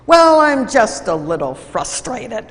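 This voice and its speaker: A woman's voice: medium pitch, slow. A woman voicing an angry, defensive male office worker, whiny and raised, with long hall reverb. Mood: petulant.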